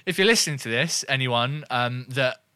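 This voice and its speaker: Bright-voiced man bantering. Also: mid-range voice, moderate pace, smooth, dry recording. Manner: banter, swears, bursts into shouts. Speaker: podcast co-host. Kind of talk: casual comedy chat.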